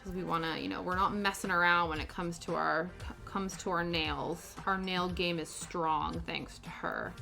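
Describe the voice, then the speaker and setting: Bright-voiced woman chatting. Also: on the low side, steady tone, normal speed, creaky, faint music behind. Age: 30s. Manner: rambling, filler-heavy storytelling. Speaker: nail-painting vlogger. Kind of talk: casual chatty vlog.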